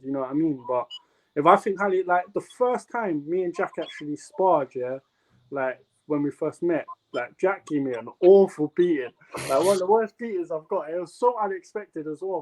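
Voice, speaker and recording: A man's voice: on the high side, rough recording. A young man, a guest boxer, tells stories in casual chat with many fillers. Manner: animated storytelling with many fillers.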